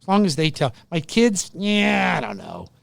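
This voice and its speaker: A middle-aged man hosting a radio show, loud and pushy, joking at his own expense and going a bit hoarse from yelling. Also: high voice, sing-song, moderate pace, no echo, studio quality. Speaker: radio show host, mortgage lender. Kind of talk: energetic radio sales pitch. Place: radio studio.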